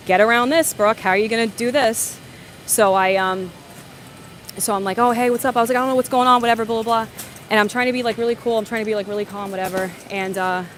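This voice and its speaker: A woman chats on a live stream. She talks at a middling pitch, and her stories wander through restarts and "you know what I'm saying." Faint traffic hums somewhere behind her. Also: fairly bright tone. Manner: rambling storyteller, frequent fillers and restarts. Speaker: livestream host. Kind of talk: casual livestream chat, answering viewer comments.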